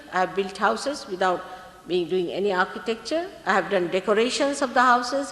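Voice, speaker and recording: Brief: woman spiritual teacher, animated storytelling voice, roomy hall with a long echo. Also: fairly high pitch. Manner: lively storytelling with repetitions. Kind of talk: spiritual talk to an audience. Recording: echoey hall archive recording.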